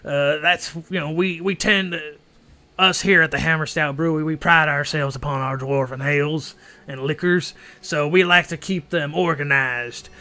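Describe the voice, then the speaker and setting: A fussy ghost of a dwarf foreman, tipsy and stammering as he gives his tour, as a man puts him on for a tabletop game. His voice sits a touch high and bright, with an accent that wobbles in and out. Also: steady tone, normal speed. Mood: proud. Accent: put-on accent that keeps slipping.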